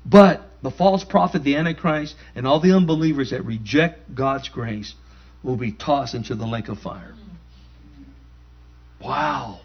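A man's voice: mid-range voice, a little slow. A man preaching a sermon with emphatic call-and-response. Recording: dull lo-fi recording.

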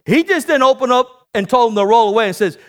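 A man preaching a sermon, calling for amens from the congregation and building to shouted peaks. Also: very high voice, expressive, fast talker. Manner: call-and-response preaching, rising to shouts.

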